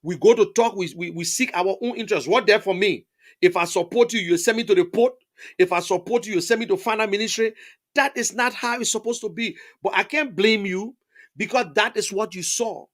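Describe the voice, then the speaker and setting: A man's voice: sits high, a little fast. A man with a Liberian English accent giving impassioned testimony in an interview, emphatic and repetitive, stammering over words as he presses his point. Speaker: interviewee, political supporter.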